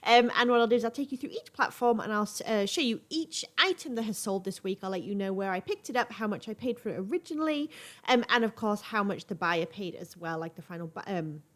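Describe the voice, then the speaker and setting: A woman's voice: medium pitch, expressive, quick pace. A woman vlogging about her weekly resale sales in a casual, chatty way, full of ums and little asides, sounding stuffed up from allergies. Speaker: online reseller vlogger. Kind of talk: casual chat to camera.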